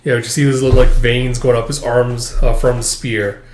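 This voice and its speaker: A man's voice: mid-range voice, flat delivery, moderate pace, a little mellow. Rambling man in an echoey room. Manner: rambling with many fillers. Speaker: manga chapter reviewer. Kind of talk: casual comic read-through.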